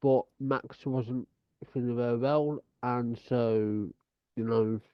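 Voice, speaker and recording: Slow, halting man with muffled audio. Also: mid-range voice, fairly even intonation, clean tone, no echo. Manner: halting, many ums and restarts. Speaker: podcast co-host. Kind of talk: casual podcast chat.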